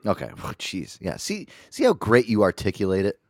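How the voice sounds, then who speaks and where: A man's voice: fairly low pitch, wildly swooping pitch, a little fast, a little mellow, no room sound, studio quality. A man hosting a podcast in casual chat, joking and teasing his co-host and swearing often.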